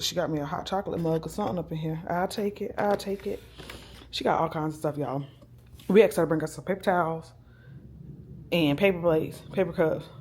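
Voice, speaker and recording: A young woman, chatting casually to her camera at home in a laid-back vlog, talking straight to her viewers. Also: on the low side. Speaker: vlogger. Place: at home, indoors. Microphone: handheld camera.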